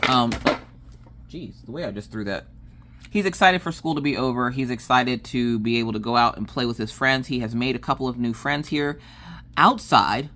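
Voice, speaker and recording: Animated woman telling stories. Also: extremely low pitch, normal speed. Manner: animated storytelling, acts out quotes. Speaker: crafting vlogger. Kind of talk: casual chat while crafting.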